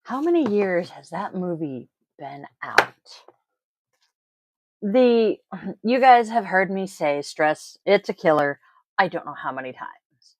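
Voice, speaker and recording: Female tarot host, unhurried, blunt and profane, chatty tangents, dry recording. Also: fairly low pitch, very animated, no echo, poor audio. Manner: blunt, swears freely, rambling asides. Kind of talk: casual solo card-reading video. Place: home, family audible off-mic.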